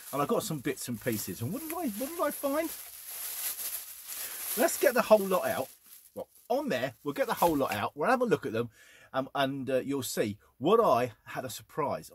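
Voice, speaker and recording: A man's voice: mid-range voice, slight background noise. A man, chatting casually and enthusiastically as he shows off his finds to the camera. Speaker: record collector vlogger. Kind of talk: casual chat.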